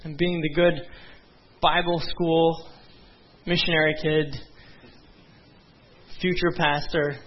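A man's voice: a little high, flat delivery, takes it slowly, pauses often. Young man, pastor, conversational sermon, earnest, frequent asides, muffled lo-fi sound. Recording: dull lo-fi sound.

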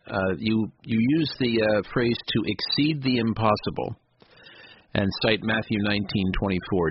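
A man's voice: fairly low pitch, slightly rough. A man hosting a radio interview, chatty, asking long questions of his guests. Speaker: radio host. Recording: dull radio audio with faint noise.

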